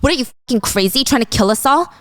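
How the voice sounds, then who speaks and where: A woman's voice: sits high, expressive, quick pace, a bit bright, pitched above the performer's own voice. Lady doing a bossy lawyer guy, swears, snaps orders. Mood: domineering. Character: domineering male lawyer husband, bullying and curt.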